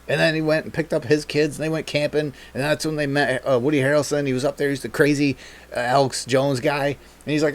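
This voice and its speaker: A man's voice: a little high, fast. A man hosting a casual podcast chat, rambling and swearing freely, laughing often and reading snippets aloud. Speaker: podcast host.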